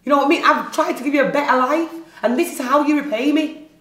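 A woman's voice: mid-range voice, expressive, fast talker, a little mellow, close to an everyday voice. A teenage girl with a British accent playing a female barbershop owner who scolds the boy she raised. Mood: scolding. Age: teens. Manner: scolding, exasperated. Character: female barbershop owner, stern caring guardian. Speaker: amateur youth actor. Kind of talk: amateur drama acting. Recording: roomy, echoey room with faint noise.

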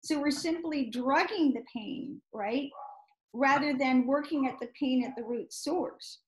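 A woman's voice: high-pitched, a little slow, poor audio. A woman hosting an interview as a medical intuitive healer, explaining step by step and often checking in with "right?". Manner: explanatory, keeps asking "right?".

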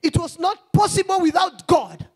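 A woman pastor preaching a sermon with passion. She calls out rhetorical questions and hallelujahs, and she swings between shouting and quiet, low murmurs. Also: big pitch swings, normal speed. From Kenya.

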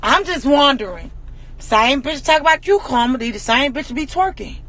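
A woman in an angry, profane rant to camera, hammering rhetorical questions and often shouting. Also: high voice, expressive, normal speed. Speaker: social media personality.

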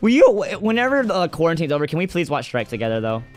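A man's voice: fairly high pitch, big pitch swings, quick pace. A young man giving casual gameplay commentary as a co-host, playful and ribbing his partner. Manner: playful, ribbing, quotes movies. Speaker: co-host of a gaming series.

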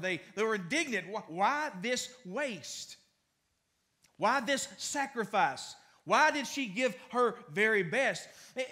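In a church sanctuary, a male pastor with a high, fairly bright voice preaches a conversational sermon. He often restarts his sentences and uses fillers.

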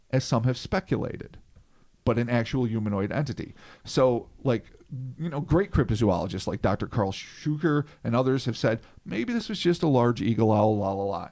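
A podcast host in his forties, an American man, reads through his research notes with a lively, wide-ranging voice. He keeps breaking off into profane, rambling asides before he returns to the page. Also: mid-range voice. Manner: profane, digressive asides between read passages. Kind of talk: casual podcast chat, reading notes.

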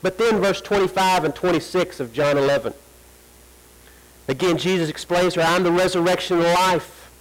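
High-voiced preaching man. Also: poor audio. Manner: preaching with rising emphasis, drawn-out quoted prayers. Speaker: pastor. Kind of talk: sermon. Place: church sanctuary.

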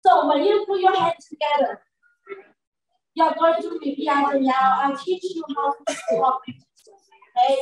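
A woman leading children in prayer at a church Christmas party, animated and repeating her phrases, switching between English and Mandarin. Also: high voice, normal speed, pauses often. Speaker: children's minister. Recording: echoey hall, voice from far off.

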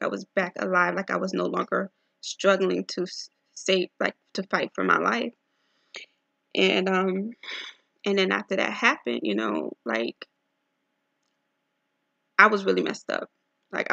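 A young woman telling a personal religious testimony, earnest and halting, often repeating herself. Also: medium pitch, vocal fry, fairly bright tone, no room sound. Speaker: testimony speaker.

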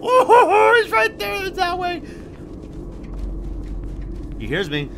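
Young guy yelling and cursing over a horror game, high bright voice, huge pitch swings. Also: wildly swooping pitch, slow, slight background noise. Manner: swings from hushed muttering to loud shouting and swearing. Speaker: gaming YouTuber. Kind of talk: live gameplay commentary.

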